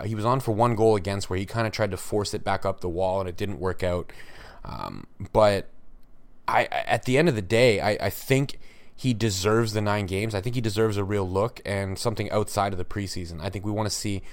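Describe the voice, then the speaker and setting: A man's voice: fairly low pitch, clear, resonant tone, no room sound. A man hosting a solo sports podcast, talking in an emphatic, ranting way with frequent restarts. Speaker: podcast host.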